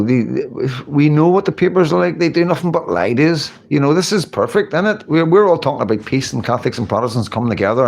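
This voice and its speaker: A man's voice: medium pitch, gravelly. A middle-aged man with a Northern Irish accent, hosting a casual livestream chat, rambling, swearing and asking "you know what I mean". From Northern Ireland. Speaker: livestream host.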